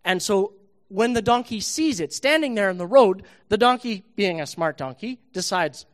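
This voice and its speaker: A man, a pastor, telling a Bible story to children in a church service, playful and animated. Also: sits high, normal speed.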